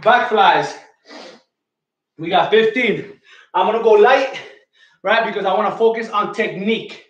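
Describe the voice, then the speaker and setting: A man's voice: sits high, unhurried, long pauses, dull audio. A man coaching a home workout, counting reps aloud and giving technique cues, somewhat out of breath. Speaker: fitness coach. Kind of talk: workout instruction with rep counting. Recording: echoey room, voice from a distance.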